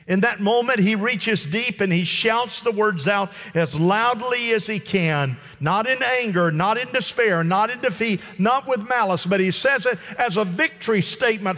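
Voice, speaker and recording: High-voiced preacher in a reverberant church. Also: male voice, a bit bright. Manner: impassioned preaching with dramatic quoted speech. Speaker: pastor. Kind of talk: sermon.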